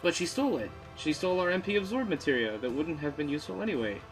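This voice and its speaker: A man's voice: a little high, expressive, fast. Self-mocking man doing game commentary. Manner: sarcastic, self-mocking asides. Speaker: let's player. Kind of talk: casual gameplay commentary. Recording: faint game music behind.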